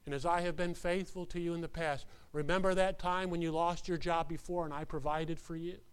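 A man's voice: on the high side, fairly even intonation, a little fast, clear, resonant tone, close to an everyday voice. A man playing a folksy, teasing God. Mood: reassuring. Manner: chummy, plain-spoken, reassuring.

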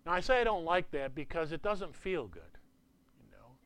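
A man's voice: fairly high pitch, animated, moderate pace, fairly bright tone, smooth, no echo. Man in his sixties preaching a casual sermon. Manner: conversational, repeats "you know" often. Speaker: pastor.

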